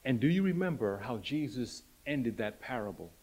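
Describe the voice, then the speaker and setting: A man preaching a sermon, emphatic and dramatic, swinging between loud declarations and hushed lines and repeating rhetorical questions. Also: mid-range voice, big pitch swings, normal speed, husky.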